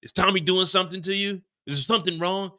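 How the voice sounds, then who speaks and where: A man's voice: high-pitched, steady tone, fast, pushed and bright. A man voicing a drug dealer scolding his sister in a pushy voice. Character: adult male drug dealer, stubborn brother.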